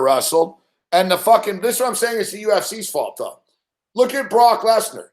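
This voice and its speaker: A man hosting a sports betting show, telling a late-night story in a profane, rambling, animated way. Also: high voice, echoey room.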